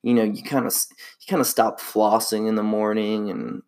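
A young man talks through a relaxed solo podcast, his voice sitting low with a gravelly fry. He is easygoing and slangy, musing on his own life in a loose, reflective way. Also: normal speed. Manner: laid-back and slangy, reflective. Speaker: podcast host. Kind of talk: casual solo podcast monologue.

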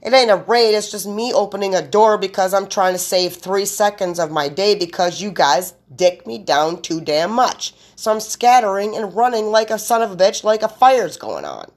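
A woman's voice: medium pitch, lively intonation, normal speed, few pauses. A woman hosting a solo podcast, rambling in blunt, profane run-on sentences straight to her listeners. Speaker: podcast host.

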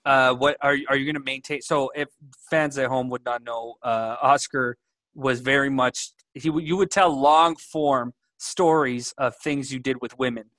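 A man's voice: mid-range voice, fairly even intonation, normal speed, fairly bright tone, no echo. A man hosting a podcast, teasing his co-hosts in casual banter. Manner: laughing, teasing. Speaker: podcast host.

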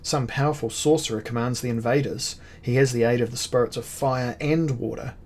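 A man's voice: medium pitch, fairly even intonation, fairly quick, darkish tone, natural voice. A man playing a nervous, sweating guard captain who pleads with his master, in a storybook reading. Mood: anxious. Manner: anxious, pleading.

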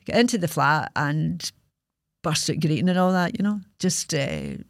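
A Scottish woman in her sixties tells a story from her own life with blunt, salty candour, with no polish on her language. Her voice sits low for a woman, and it is recorded close and dry with no room sound at all. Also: no echo. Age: 60s. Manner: frank, earthy, swears freely. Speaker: podcast host. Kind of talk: personal storytelling.

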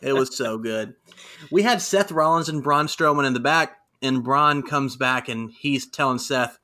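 A man chatting casually, retelling events in an excitable, animated way. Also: mid-range voice, unhurried. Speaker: podcast co-host. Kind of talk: casual recap chat.

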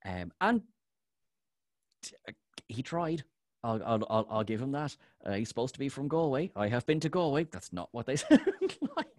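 A man's voice: mid-range voice, very animated, normal speed, no echo, studio quality. A man hosting a podcast, chatting in a wry, playful way. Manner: wry, playful, quotes the show. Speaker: podcast host. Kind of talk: casual chat.

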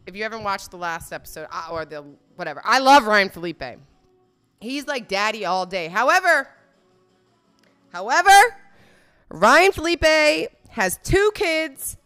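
A woman's voice: medium pitch, expressive, normal speed, a bit bright, clean tone, soft background music. A woman giving casual, blunt and profane commentary, laughing often as she reacts to a video.

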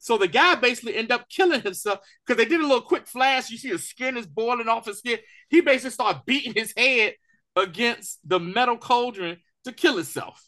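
An extremely high-pitched, brisk male voice belongs to a TV review podcast co-host. He chats through a casual recap, retelling scenes in slang and acting out what the characters say with animated flair.

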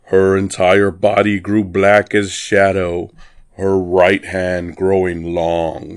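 Deep gravelly deadpan male storyteller. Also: slow, no echo, clean studio sound. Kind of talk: first-person dark story narration.

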